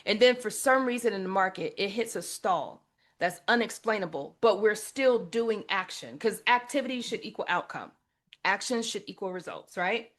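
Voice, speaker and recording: A woman hosting an interview podcast, telling stories in a lively, conversational way and speaking to listeners as "y'all". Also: medium pitch, moderate pace. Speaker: podcast host.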